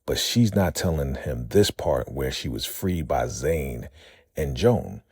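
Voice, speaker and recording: A man's voice: rumbling low, lively intonation, slow pace, darkish tone, breathy edge, dry recording. A man hosting a casual vlog recap of a TV episode, chatty and calling his viewers fam.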